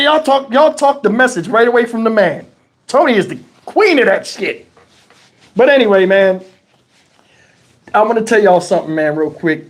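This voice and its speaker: A middle-aged man hosting a casual livestream, telling a story in an animated, exasperated way with a lot of cursing. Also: a little high. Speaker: YouTube channel host.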